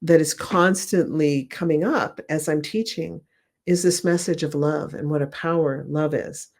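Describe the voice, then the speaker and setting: A middle-aged woman, a remote viewing instructor, telling stories in a casual interview with enthusiasm, softly acting out quotes. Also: low-pitched, a little slow. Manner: enthusiastic, animated retelling with soft acted quotes.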